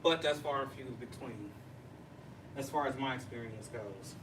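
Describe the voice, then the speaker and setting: A man hosting a casual livestream chat, chatty and excitable, laughing and teasing as he talks. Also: mid-range voice, normal speed. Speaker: livestream host. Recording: distant mic with noisy background.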